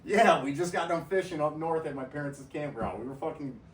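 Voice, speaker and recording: A man telling crude, rambling stories to his friends on a podcast, cursing and laughing through them. His voice sits a bit high and carries a roomy echo from a mic set some way off, with a faint hiss behind it. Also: animated, fairly quick. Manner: profane, laughing storyteller. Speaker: podcast host. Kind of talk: casual storytelling with friends. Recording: roomy sound from a distant mic.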